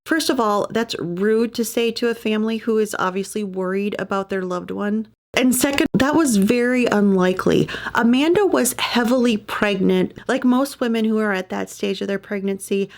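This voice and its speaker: A woman reads true-crime narration in her own podcast, pausing for sympathetic asides. Her voice carries steady vocal fry and sits in a middle range. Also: mid-range voice. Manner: adds sympathetic personal asides. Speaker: podcast host.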